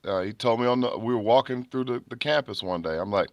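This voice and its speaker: A man in his fifties from Chicago tells his story with animated energy, now and then dropping into character voices. His voice sits at a middle pitch. The recording is dry and close, with almost no room sound. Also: fairly quick, hardly any pauses, dry recording. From Chicago, United States. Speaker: guest voice actor. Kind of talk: casual interview storytelling.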